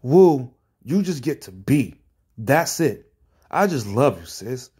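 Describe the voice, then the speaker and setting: A man's voice: medium pitch, very animated, slow pace, warm tone, breathy edge. A man reacting to viewer comments in a rant that is exasperated, profane and sarcastic. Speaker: commentary streamer.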